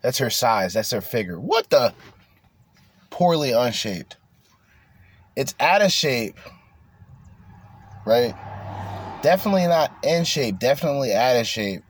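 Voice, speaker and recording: A man's voice: medium pitch, sing-song, unhurried, pauses often, husky. A man hosting a casual podcast, ranting bluntly and crudely with lots of swearing. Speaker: podcast host.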